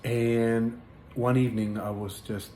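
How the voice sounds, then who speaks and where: A man sharing a personal religious testimony in casual spoken storytelling, earnest and halting, with many fillers and repeated words. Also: medium pitch, little pitch movement, mellow. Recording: echoey room with faint background noise.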